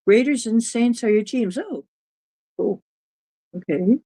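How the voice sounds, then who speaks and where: A woman's voice: fairly high pitch, expressive, slow, warm tone, no echo. A woman hosting a livestream, chatting casually and rambling, now and then cooing at her cat. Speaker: livestream host.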